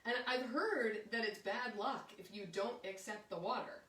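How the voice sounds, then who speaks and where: A woman's voice: a little high, normal speed, fairly bright tone, reverberant, recorded from a distance. A woman co-hosting a live stream in casual chat, reacting to the story with short remarks. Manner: chimes in with short reactions and laughs. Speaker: co-host.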